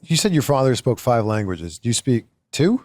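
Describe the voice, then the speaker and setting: A man's voice: medium pitch, big pitch swings, normal speed, darkish tone. A man hosting an interview podcast, asking friendly, curious questions. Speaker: podcast host. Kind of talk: casual interview.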